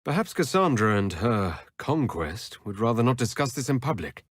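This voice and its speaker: A measured, mildly teasing companion. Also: male voice, mid-range voice, sing-song, slightly rough, dry recording, studio quality. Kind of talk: video game companion dialogue.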